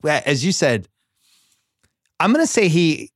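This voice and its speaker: A man hosting a sports podcast, chatting casually with mock-sentimental excitement in quick rising bursts. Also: a little high, no echo, clean studio sound. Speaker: podcast host.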